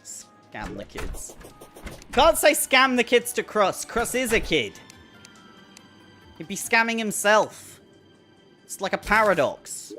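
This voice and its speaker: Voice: mid-range voice, sing-song, unhurried, long pauses, pushed and bright. A streamer chatting casually while playing a video game, rambling and laughing often. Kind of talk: casual live-stream chat. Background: faint in-game music.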